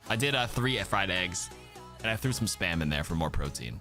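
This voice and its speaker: A man hosting a watch-party stream chats loosely with his viewers, rambling and cursing casually. His voice sits low but swings widely in pitch. Faint music plays behind him. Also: expressive, moderate pace, sharp tone. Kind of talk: casual chat.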